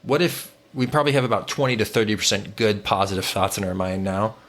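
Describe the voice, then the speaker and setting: A man co-hosting a podcast, talking in an earnest, reflective way with fillers and pauses. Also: fairly low pitch, fairly bright tone. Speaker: podcast co-host. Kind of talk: conversational podcast talk. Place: home in the US Southwest.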